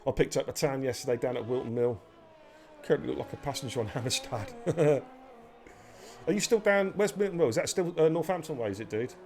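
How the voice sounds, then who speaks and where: A man's voice: mid-range voice, a little fast, darkish tone. A man giving live sim racing commentary, chatty and bantering with viewers and his co-host. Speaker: race commentator.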